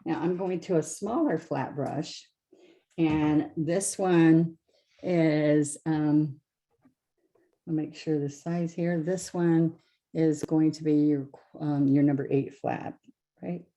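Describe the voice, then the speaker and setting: Low, mellow-voiced woman teaching painting. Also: steady tone, takes it slowly. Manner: chatty, step-by-step, self-correcting. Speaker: painting class instructor. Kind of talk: live craft demonstration.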